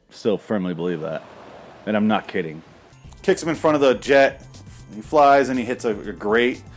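A man giving casual, profane and sarcastic commentary on a movie while watching it. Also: mid-range voice.

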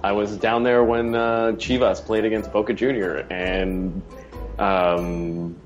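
Low-voiced man rambling through a story. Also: slow, dull audio, faint music behind. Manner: excited, rambling. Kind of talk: casual storytelling.

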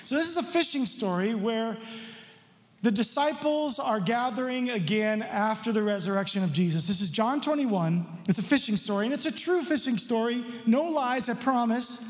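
A middle-aged male pastor preaching a sermon, telling a childhood story in a playful, animated way with jokes for the congregation. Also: very high-pitched, normal speed, big-room sound. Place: church sanctuary.

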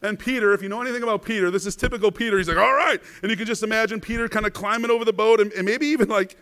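A man preaching a sermon as a pastor, asking rhetorical questions, often adding "right?", and swinging between hushed and louder passages. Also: high-pitched, fairly even intonation, rapid-fire, clear, resonant tone. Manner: rhetorical questions, frequent "right?", stammered repeats.

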